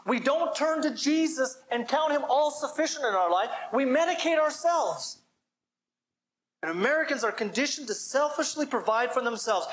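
A man's voice: extremely high pitch, animated, normal speed, a bit bright. A man giving a church sermon as pastor, preaching with emphasis and asking the listeners direct questions. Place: church service.

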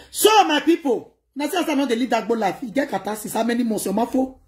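Animated Nigerian woman with a high voice. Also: fast talker, hardly any pauses. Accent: Nigerian Pidgin. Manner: animated, switching between pidgin and local language, addressing viewers. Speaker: livestream host. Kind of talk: casual livestream chat.

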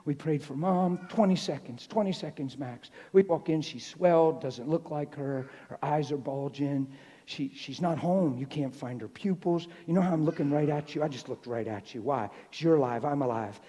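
A dark-toned preacher in a reverberant hall. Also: male voice, a little high, moderate pace, breathy edge. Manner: swings from hushed near-whisper to loud exclaiming. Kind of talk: sermon. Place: church hall.

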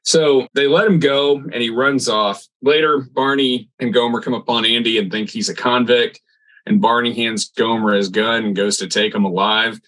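A man casually recapping a sitcom episode on a podcast, rambling and halting with restarts. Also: mid-range voice, fairly even intonation, fairly bright tone, low-quality recording. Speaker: podcast co-host.

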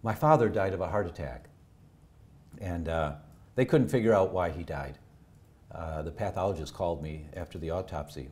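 A middle-aged male doctor with a somewhat low voice tells family stories in a podcast interview. He speaks earnestly, lifting his voice when animated and dropping to a hush at the sad parts. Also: moderate pace. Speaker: doctor and health educator. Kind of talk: emotional personal storytelling in a podcast interview.

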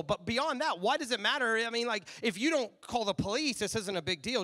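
A young man preaching a sermon as pastor, telling a story and acting out both sides of the dialogue with lively energy. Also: sits high, a little fast.

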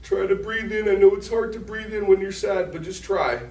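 A man's voice: sits high, normal speed, darkish tone. A man leading a guided movement lesson for children, giving playful, coaxing instructions and call-outs. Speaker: children's yoga leader. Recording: echoey room, voice from far off.

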